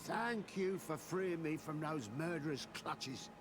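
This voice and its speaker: A man's voice: fairly high pitch, slow pace. An actor playing a grateful, anxious townsman freed from captivity, speaking earnestly in video game dialogue. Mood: relieved. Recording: game audio with ambient noise.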